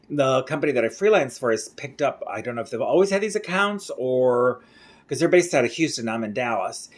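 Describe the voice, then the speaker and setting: Chatty, rambling man in a video diary. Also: medium pitch. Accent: American English. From Mexico. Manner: rambling, chatty, self-correcting. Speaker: vlogger. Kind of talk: casual daily video diary.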